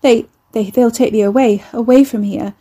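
A woman voicing Carrie, a frightened young woman who speaks in a shaky, halting way. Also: on the high side, lively intonation, mellow, breathy edge. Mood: distraught.

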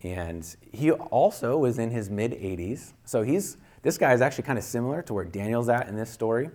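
A man's voice: medium pitch, animated, brisk, darkish tone. A man preaching a sermon, reading a martyr story aloud with earnest, rising emphasis.

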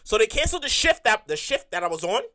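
A woman telling a casual storytime rant to her viewers, talking in an animated, exasperated way, repeating herself and swearing freely. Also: a little high, quick pace. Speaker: vlogger telling a work story.

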